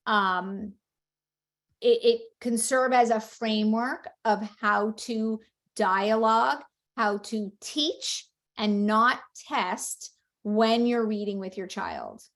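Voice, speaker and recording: A woman's voice: a little high, animated, slow pace. A woman explaining a book-reading method to parents in a patient, instructional way, acting out short read-aloud examples. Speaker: speech-language educator.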